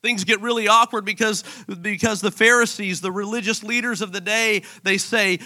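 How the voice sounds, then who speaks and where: A male pastor preaching a sermon in a playful, animated way, with joking asides. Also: high-pitched, normal speed, few pauses.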